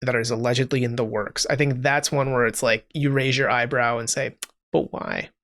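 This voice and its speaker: A man's voice: mid-range voice, fairly even intonation, fairly quick, fairly bright tone. Easygoing man thinking aloud on a podcast. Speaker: podcast co-host. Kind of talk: casual chat.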